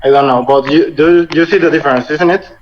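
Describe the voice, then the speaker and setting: A man in his twenties teaching a language lesson over a video call, halting and often rephrasing as he explains. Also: fairly high pitch. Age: 20s. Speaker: Spanish teacher. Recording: muffled video call audio with faint noise.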